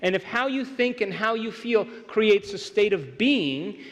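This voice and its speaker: Guy giving a seminar talk in a big echoey hall, slightly high voice, keeps asking the crowd if they're with him. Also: lively intonation, unhurried. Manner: keeps checking in with the audience. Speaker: seminar speaker. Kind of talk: motivational seminar lecture. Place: large lecture hall with a live audience. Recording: long hall reverb.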